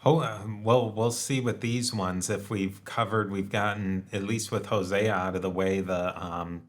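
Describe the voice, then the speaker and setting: A man hosting a podcast, chatting casually and haltingly, with many fillers and restarts. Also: lowish voice, fairly even intonation. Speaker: podcast host. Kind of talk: casual conversational discussion.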